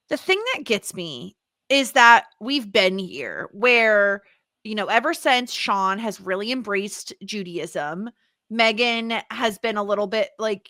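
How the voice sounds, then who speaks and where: A woman co-hosting a podcast in casual chat, animated and exasperated, full of fillers and swearing. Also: on the high side, no echo, clean studio sound. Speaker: podcast co-host.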